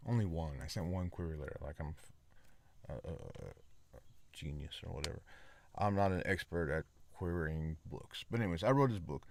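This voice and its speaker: Deep-voiced man rambling on a podcast. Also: moderate pace, creaky. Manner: rambling, repeats himself, many fillers. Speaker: podcast host. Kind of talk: casual solo podcast monologue.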